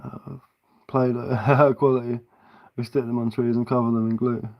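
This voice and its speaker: A man's voice: mid-range voice, flat delivery, moderate pace, highs cut off. A man chatting casually on a live stream as a woodcarver, easygoing and answering viewer comments.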